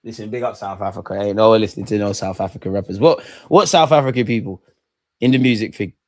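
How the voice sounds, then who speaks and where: A young man from England in his twenties, chatting casually on a live stream, slangy and animated, repeating himself and swearing freely. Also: on the low side, fast talker, no echo. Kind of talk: casual live-stream chat reading viewer comments.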